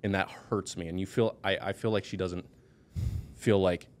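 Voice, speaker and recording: Male podcast guest, lowish voice, intense and blunt, raw personal storytelling. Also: fairly even intonation, normal speed. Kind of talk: candid personal conversation.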